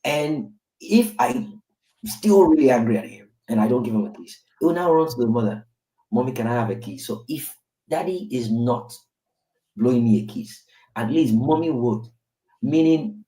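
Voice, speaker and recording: Warm and animated, with a mid-range voice at a moderate pace, a Nigerian man in his thirties, himself a father, speaks candidly about his own life. It's casual, reflective podcast talk punctuated by the tag question "right?", picked up roomy on a distant mic.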